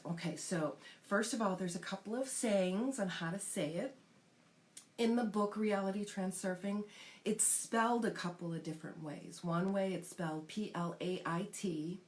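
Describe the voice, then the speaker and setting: A woman's voice: mid-range voice, normal speed. A woman spiritual coach teaching a class, explaining step by step in an earnest way and acting out inner voices.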